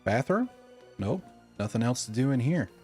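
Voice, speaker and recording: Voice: medium pitch, very animated, normal speed, dark tone, faint music behind. A streamer playing a video game, chatting and joking while reading the game's text aloud.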